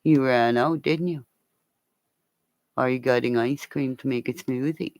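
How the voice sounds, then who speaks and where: A woman rambling through a livestream chat, unhurried, her low voice full of gravelly fry. She swears freely and calls her viewers by name and endearment. The sound is dry and close. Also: fairly even intonation, a little mellow, no room sound. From Northern Ontario, Canada.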